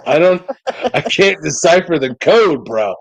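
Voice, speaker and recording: A man in his forties co-hosting a podcast, trading jokes in casual banter with a deadpan, teasing streak. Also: a little high, unhurried, creaky, dry recording. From United States. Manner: joking, teasing, deadpan asides. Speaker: podcast co-host.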